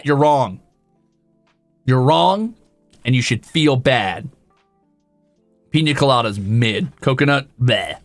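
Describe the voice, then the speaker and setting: A man's voice: medium pitch, lively intonation, takes it slowly, long pauses, dry recording, soft background music. A male streamer chatting casually with his viewers, rambling and poking fun at himself. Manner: rambling, self-deprecating, talks to chat. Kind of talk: casual livestream chat.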